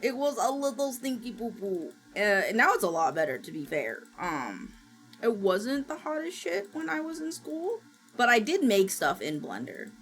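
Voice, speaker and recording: A woman streaming, chatting casually while she works and gasping and squealing with excitement as she greets viewers. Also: on the high side, moderate pace. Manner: excitable, gasps and squeals at new followers; chatty and self-mocking, talking while working. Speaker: VTuber streamer. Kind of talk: casual livestream chat. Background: faint background music.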